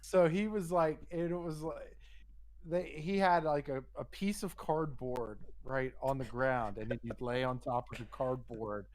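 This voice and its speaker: A man's voice: mid-range voice, steady tone, a little slow, a little mellow, a little hiss or hum. A man casually telling a crude, rambling story on a podcast, swearing often and restarting his sentences. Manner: rambling, profane, frequent restarts and fillers. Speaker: podcast co-host.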